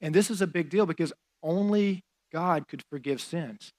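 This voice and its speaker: A man's voice: a little high, normal speed, darkish tone. A man preaching a sermon as a pastor, in a conversational style with fillers and casual asides.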